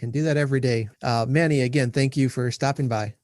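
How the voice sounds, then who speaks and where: A middle-aged man hosting a podcast in a relaxed, chatty way, laughing easily and agreeing often. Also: medium pitch, fast talker, no room sound, clean studio sound. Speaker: podcast host. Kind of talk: casual interview chat.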